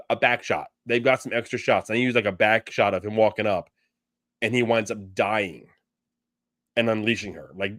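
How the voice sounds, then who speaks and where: Casual podcast co-host, male, mid-pitched, rambling delivery, dry mic. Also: no echo. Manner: rambling, many restarts and fillers. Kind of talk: casual fan discussion.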